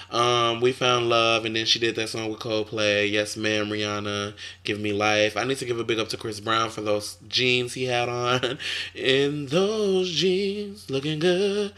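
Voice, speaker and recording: A young man talking casually to camera as a vlogger, sassy and chatty, with drawn-out fillers. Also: mid-range voice, sharp tone.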